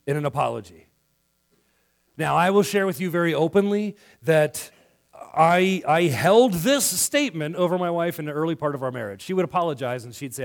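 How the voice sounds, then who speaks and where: A man preaching a sermon in a church, acting out quoted dialogue and swinging between loud passages and hushed ones. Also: a little high, expressive, normal speed, gravelly. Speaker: pastor.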